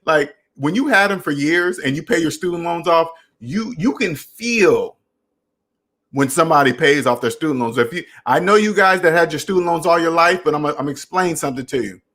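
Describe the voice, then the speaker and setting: Man, young adult, slightly high voice, emphatic, repeats himself, casual finance stream host. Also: brisk, fairly bright tone. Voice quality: emphatic, repeats phrases, talks straight to viewers. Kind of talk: casual live-stream talk.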